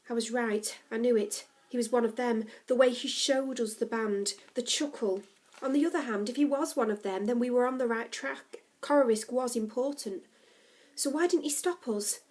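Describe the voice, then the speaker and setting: A woman reading a novel aloud as the story's narrator, steady and expressive. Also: a little high. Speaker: story reader.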